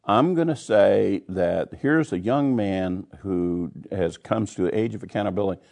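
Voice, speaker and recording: A man's voice: lowish voice, a little slow, vocal fry, darkish tone. A man teaching a Bible study, reading scripture passages aloud and then explaining them in plain, conversational terms.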